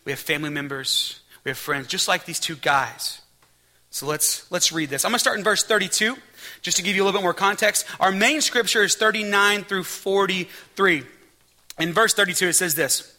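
This is a man preaching a sermon in a high voice with a piercing brightness. He drives his points home by repeating key phrases, and he moves between scripture reading and prayer. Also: moderate pace, low-quality recording. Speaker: pastor.

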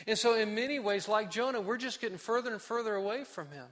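Male pastor, high bright voice, impassioned sermon delivery with acted-out prayers. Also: fast talker, hardly any pauses. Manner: impassioned preaching, acts out prayers, drops to soft emphasis.

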